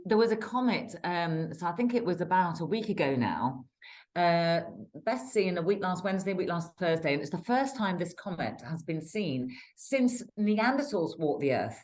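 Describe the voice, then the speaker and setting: A woman's voice: lowish voice, expressive, normal speed, darkish tone. A British woman co-hosting a casual weather chat, talking in a chatty, rambling way and laughing often. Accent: British English. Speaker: weather show co-host.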